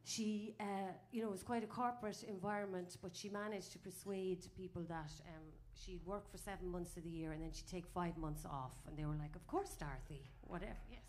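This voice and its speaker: A woman's voice: fairly low pitch, steady tone, brisk, few pauses, a little mellow, slight background noise. An Irish folk singer chatting onstage between songs, rambling with many fillers and laughing at her own stories. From Ireland. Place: small live music venue.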